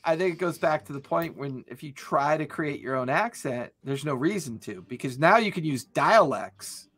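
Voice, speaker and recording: A man's voice: a little high, lively intonation, moderate pace, fairly bright tone, husky. Enthusiastic, rambling man on a podcast. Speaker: podcast co-host. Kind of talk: casual chat about tabletop role-playing.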